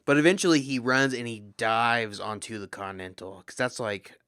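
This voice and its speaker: Excitable and swearing as he rambles, a podcast co-host chats casually about a movie he's reviewing. His clear, resonant mid-range voice moves at normal speed, recorded dry in a clean studio.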